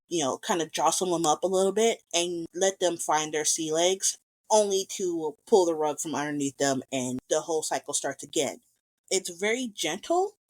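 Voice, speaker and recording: A woman with a slightly low voice holds forth in a casual film commentary. She rambles, piles on asides and gushes with enthusiasm about what she loves. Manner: enthusiastic, rambling, quick to gush. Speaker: podcast host.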